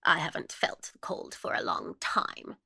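A woman's voice: a little slow, pushed and bright, no echo, clean studio sound. Woman doing a wailing, secretive old spinster. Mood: mournful. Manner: shifts from wistful whispers to jealous wails. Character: eccentric, secretive old spinster, possessive and ghostly.

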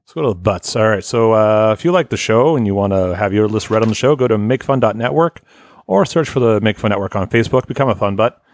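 A man's voice: on the low side, quick pace, dry recording. A man hosting a casual podcast, reading listener lists in a loose, rambling way and swearing offhand. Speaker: podcast host.

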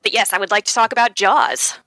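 A woman's voice: mid-range voice, a little fast, sharp tone. A woman guest on a podcast in casual chat, articulate and wordy, playfully dramatic.

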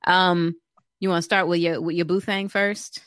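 A woman's voice: on the low side, level tone, normal speed, fairly bright tone, no echo, studio quality. A young woman co-hosting a casual chat, peppy and bubbly, laughing often. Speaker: podcast co-host.

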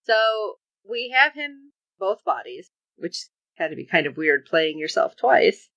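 Recapping a TV episode with her podcast partner, this woman chats casually and animatedly, voicing characters' lines herself. She speaks a little slowly in a lowish voice, captured without echo on a dull lo-fi recording.

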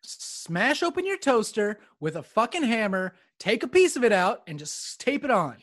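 A man's voice: high voice, big pitch swings, moderate pace, a bit bright. Playful young Midwestern man. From American Midwest. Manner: playful, goofy, profane. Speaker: podcast co-host. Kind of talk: casual banter.

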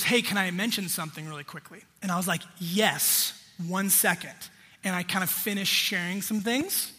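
A man's voice: sits high, sharp tone, long reverb tail. A man preaching a sermon, talking conversationally and addressing the congregation directly. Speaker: pastor.

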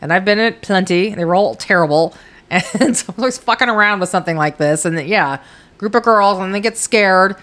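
A woman's voice: mid-range voice, a little fast, a bit bright. A woman co-hosting a casual podcast, blunt and profane, laughing often. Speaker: podcast co-host.

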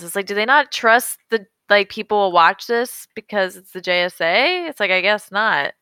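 A woman co-hosting a casual chat about an animated film, easygoing and agreeable. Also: mid-range voice, moderate pace, hardly any pauses, smooth, dry recording, studio quality. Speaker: podcast co-host.

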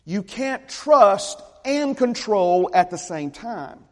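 Man, pastor, high voice, emphatic sermon, repeats phrases, long church-hall reverb. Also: expressive, slow pace. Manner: emphatic preaching, repeats phrases, drops to a hush.

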